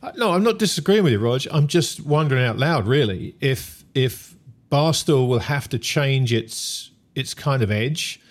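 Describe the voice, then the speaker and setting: A man's voice: medium pitch, expressive, moderate pace. A man, co-hosting a sports discussion, thinking aloud with frequent restarts and hedges. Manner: musing, hesitant, many restarts. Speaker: podcast co-host. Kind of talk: casual discussion.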